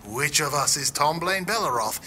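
A man voicing a stubborn talking book that insists it is its male author, arguing back quickly. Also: fairly high pitch, expressive, loud music behind the voice, lightly acted. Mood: insistent.

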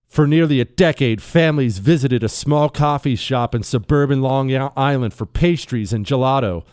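A male talk show host speaks with a smooth, resonant voice into a close studio mic. The sound is dry and without room echo. He talks with emphatic sarcasm, swinging between mock glee and flat scorn. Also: medium pitch, moderate pace, hardly any pauses. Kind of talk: opinion talk show monologue.

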